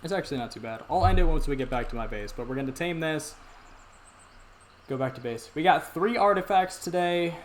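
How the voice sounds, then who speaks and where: A man's voice: fairly high pitch, expressive, brisk, slight background noise. A young man hosting a gaming channel, giving rambling casual commentary to viewers as he plays. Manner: rambling, talks to viewers, frequent restarts.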